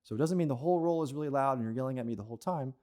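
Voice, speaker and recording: A man's voice: medium pitch, rapid-fire, warm tone. A man teaching an advanced percussion lesson, explaining patiently and checking in with "okay?" and "right?" as he goes. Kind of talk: instructional lesson.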